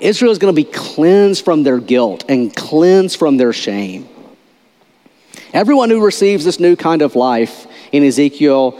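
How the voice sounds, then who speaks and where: A man's voice: on the high side, big pitch swings, unhurried, warm tone. Man preaching a casual sermon, reverberant hall. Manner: informal, repeats words, quizzes the audience. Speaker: pastor. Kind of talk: conversational sermon.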